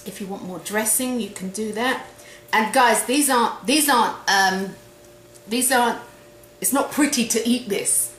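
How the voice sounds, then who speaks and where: A woman's voice: a little high, a little slow, fairly bright tone. A woman hosting a casual cooking demonstration in a home kitchen, chatty and repeating her phrases as she tastes the food. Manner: chatty, repeats phrases, talks while eating. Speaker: cooking show host. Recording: echoey kitchen with faint noise.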